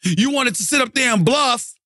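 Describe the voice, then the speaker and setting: A middle-aged man hosting a sports commentary show, ranting heatedly and swinging from low grumbling to high shouting. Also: expressive, normal speed, no room sound, clean studio sound. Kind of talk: animated sports rant.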